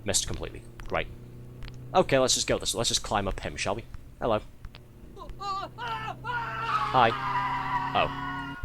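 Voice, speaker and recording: A man's voice: on the low side, expressive, fairly quick, long pauses, fairly bright tone, a little hiss or hum. A man giving live gameplay commentary as a streamer, wry and sarcastic, laughing often at his own game.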